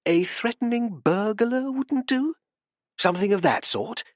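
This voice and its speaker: Man reading old detective, rumbling, deliberate, probing, dry close sound, audiobook. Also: lively intonation, dry recording. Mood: pondering. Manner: musing, deliberate questioning. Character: stout, rumbling elderly male detective, genial and probing. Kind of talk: audiobook character voice.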